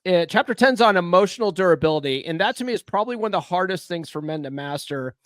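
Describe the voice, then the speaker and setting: A man with a fairly high voice hosts a podcast, chatting casually and telling a profane story. The sound is dry and close, with no room around it. He swears freely as he talks. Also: lively intonation, fast talker, no room sound. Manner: profane storytelling, acts out shouting. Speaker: podcast host.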